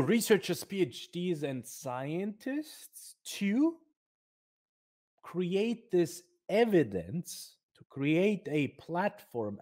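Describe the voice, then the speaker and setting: A man's voice: high-pitched, a little mellow. A man speaking for a nonprofit foundation in an emphatic promotional talk, repeating words for stress.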